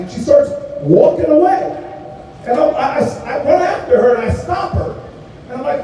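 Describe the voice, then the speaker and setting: A man in his forties delivering a campaign rally speech in a preacherly, rhythmic cadence. His voice is raised high and mellow in tone. It rings from far off through a big, echoey hall with faint ambience behind. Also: moderate pace, a little hiss or hum. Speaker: political candidate. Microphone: far from the mic.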